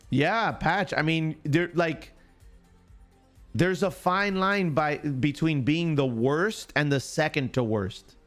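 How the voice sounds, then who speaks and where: A man with a slightly high voice hosts a live stream in a loose, joking way. He greets chatters by name and teases them while walking through a picks contest, with faint music playing underneath. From United States. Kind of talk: casual live-stream chat.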